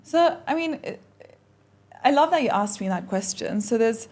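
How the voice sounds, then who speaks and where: A young woman, a podcast guest, telling a personal story in a casual, animated way and acting out the conversations she recalls. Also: on the high side, moderate pace. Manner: animated, acts out quoted exchanges.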